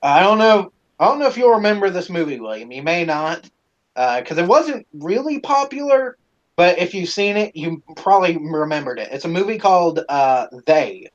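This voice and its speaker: Profane, animated male stream host. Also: high voice, normal speed, highs cut off. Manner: animated, profane, lots of fillers. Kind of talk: casual storytelling to fans.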